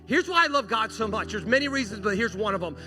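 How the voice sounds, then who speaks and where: High-voiced preacher over music. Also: male voice, quick pace. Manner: animated storytelling, acting out quoted dialogue. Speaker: pastor. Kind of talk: sermon. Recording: music playing behind.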